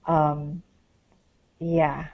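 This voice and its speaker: A woman's voice: deep voice, little pitch movement, extremely slow, highs cut off. A woman, a paranormal investigator, talks casually as a podcast guest, rambling with many fillers as she tells a story. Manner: rambling, heavy on "like" and "um".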